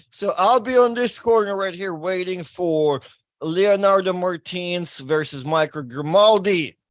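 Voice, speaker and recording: A man guest in a casual chat, running through a tournament bracket quickly and with easy laughs. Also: high-pitched, dry recording. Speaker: podcast guest, arm wrestler.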